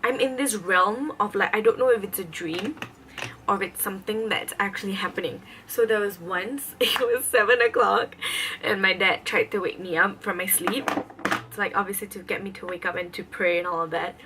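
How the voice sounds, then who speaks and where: A woman's voice: medium pitch, moderate pace, noisy background. A young woman vlogging a makeup tutorial, rambling chattily with lots of fillers between steps. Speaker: beauty vlogger. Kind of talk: casual makeup tutorial chat.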